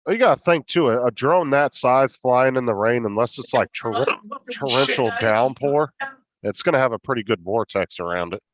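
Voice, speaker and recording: A man's voice: mid-range voice, animated, normal speed, no echo, highs cut off. A man co-hosting a livestream who chats and tells stories in a casual way. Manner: chatty storyteller. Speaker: livestream co-host. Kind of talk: casual chat.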